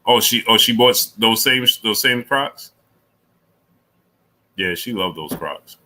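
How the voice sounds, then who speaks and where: A middle-aged man hosting a casual live stream, reading super chats, repeating himself and climbing high when he argues. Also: slow, rough recording. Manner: animated, repeats himself, rises sharply when arguing.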